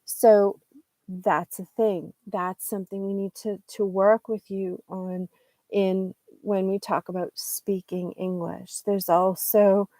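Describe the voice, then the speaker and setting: A woman teaching English in an unscripted online lesson, explaining slowly and thoughtfully, pausing and correcting herself as she goes. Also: mid-range voice, flat delivery, mellow, no room sound. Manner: slow, thoughtful, explains with pauses and self-corrections.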